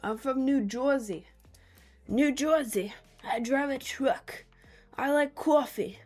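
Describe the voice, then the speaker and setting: A woman's voice: sits high, slow pace, a little mellow, faint music behind, voice pushed up. A woman putting on a mock Southern accent, parodying a trucker who lives in a trailer park. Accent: mock Southern American.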